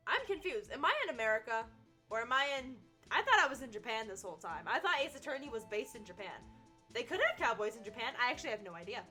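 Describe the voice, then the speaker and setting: A young woman streaming a video game, chatting excitably and laughing easily as she reacts. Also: fairly high pitch, fast talker, faint music behind. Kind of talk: casual gameplay commentary.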